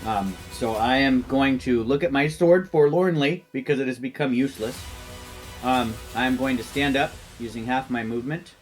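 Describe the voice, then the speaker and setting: A man's voice: medium pitch, normal speed, soft background music. A man playing in an online tabletop game, chatting casually and thinking his moves through aloud with many ums.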